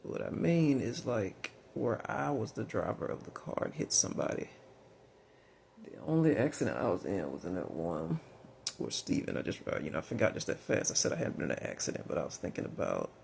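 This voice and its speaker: Gravelly, rambling Southern man. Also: fairly low pitch, very animated, fairly quick, darkish tone, slight background noise. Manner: meandering, frank and profane, with many fillers and restarts. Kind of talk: rambling personal monologue.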